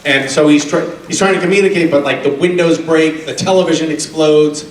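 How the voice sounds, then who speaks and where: Guy on a con panel telling stories, laughing a lot, echoey hall, mic kinda far off. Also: fairly quick. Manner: animated, laughing, drops into a deep gravelly put-on voice for quotes. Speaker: convention panel guest. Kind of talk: casual storytelling on stage. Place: convention hall stage.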